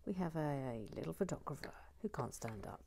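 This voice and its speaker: A woman with a slightly low voice talks casually while building toys. She jokes wryly and drifts into muttered, whispered asides as she works. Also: lively intonation, a little fast, gravelly, noisy background. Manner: playful, wry. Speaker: host. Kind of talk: casual narration of a toy build.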